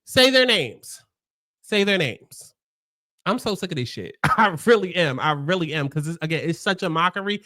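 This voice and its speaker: A woman's voice: on the low side, animated, a little fast, a bit bright, dry recording, studio quality. A woman hosting an opinionated pop-culture commentary, talking bluntly and emphatically with plenty of profanity. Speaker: commentary host.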